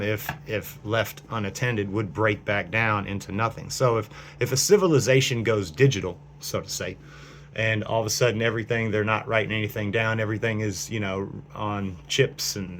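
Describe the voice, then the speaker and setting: A man with a lowish voice talks into his phone in a loose, wandering monologue, trailing off and restarting his sentences often. A faint hum runs underneath the recording. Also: a bit bright. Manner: meandering, full of fillers and restarts. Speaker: vlogger. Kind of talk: rambling speculative monologue.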